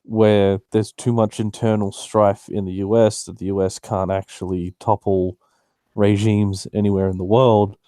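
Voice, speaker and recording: Low, mellow-voiced man chatting. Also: flat delivery, unhurried, no room sound, studio quality. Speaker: podcast co-host. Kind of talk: casual political discussion.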